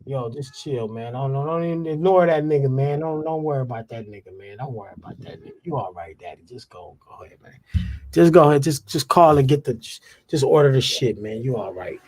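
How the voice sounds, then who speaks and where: A man putting on the low, murmured voice of a calm friend who is soothing someone. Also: a little fast, natural voice. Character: impression of a calm rapper friend, hushed and soothing.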